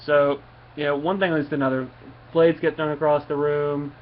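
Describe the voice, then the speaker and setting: A man's voice: fairly high pitch, level tone, a little hiss or hum. A man casually reviewing a comic book, rambling and restarting as he reads out the panels. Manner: rambling, halting, with many restarts and fillers. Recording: dull lo-fi recording with faint ambience.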